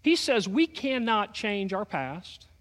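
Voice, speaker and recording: A man's voice: sits high, big pitch swings, slow, a bit bright, big-room sound. A man from Texas, preaching a sermon in a folksy, storytelling way with touches of humor. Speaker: pastor.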